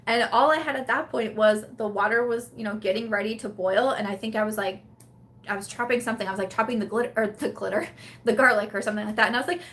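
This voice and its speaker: A young woman hosts a casual live chat, telling a story with lots of fillers and bursts of laughter. Her voice sits a little high for a woman, and her delivery stays animated throughout. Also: fast. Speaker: livestream host.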